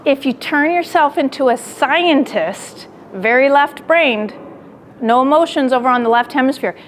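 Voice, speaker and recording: A woman's voice: sits high, lively intonation, moderate pace, a little hiss or hum. A woman giving a classroom lecture, telling a personal story and acting out her own lines with animation, then putting questions to the audience. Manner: asks the audience direct questions.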